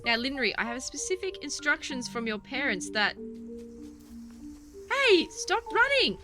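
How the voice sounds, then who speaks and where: A woman's voice: sits high, very animated, unhurried, pitched above the performer's own voice. A woman reading as a bossy schoolteacher. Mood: stern. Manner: bossy, scolding. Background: game music.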